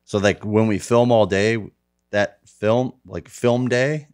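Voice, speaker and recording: A man guest in a casual podcast chat, relaxed and rambling, swearing casually. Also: lowish voice, slow pace.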